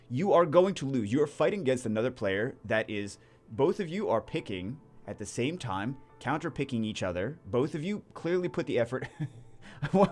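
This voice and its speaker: A man giving casual game commentary as a YouTuber, rambling and excitable with many restarts. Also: medium pitch. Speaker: gaming YouTuber.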